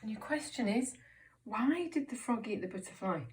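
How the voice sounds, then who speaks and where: A woman teaching a children's reading lesson, explaining clearly, step by step and encouragingly. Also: on the high side, animated, normal speed. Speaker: primary school teacher.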